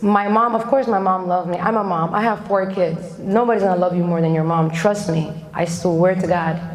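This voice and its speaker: A Somali woman in her thirties gives young people a candid, chatty motivational talk, acting out the voices of family and friends. Her voice is on the low side with a steady tone at a moderate pace, and the recording has the echo of a hall.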